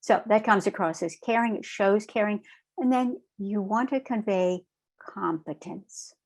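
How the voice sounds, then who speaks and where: Slow, measured woman trainer. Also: medium pitch. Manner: calm, measured, repeats "right?" to check in. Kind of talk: recorded online training lecture.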